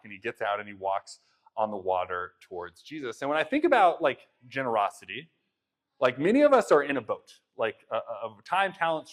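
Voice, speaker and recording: A young man delivers a relaxed, conversational sermon at an ordinary middle pitch. He retells the story with animated swings in pitch and energy, scattering casual fillers and restarts throughout. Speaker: pastor.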